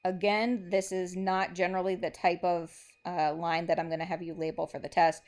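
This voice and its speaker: A woman's voice: on the low side, level tone, moderate pace, a little mellow. A woman English teacher giving a recorded lesson, methodically explaining step by step while marking a board.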